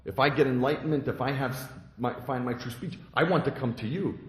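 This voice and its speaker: A man voicing a stern older male meditation teacher who speaks in a gruff, abrupt manner. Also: medium pitch, a little fast, lightly acted. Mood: humbled. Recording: echoey hall.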